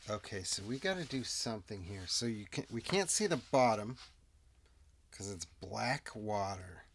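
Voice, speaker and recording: Slow, gravelly-voiced man musing over a solo game. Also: on the low side, lively intonation, slight background noise. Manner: muses aloud, drops into muttered whispered asides. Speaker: solo tabletop game player. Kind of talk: casual thinking-aloud game narration.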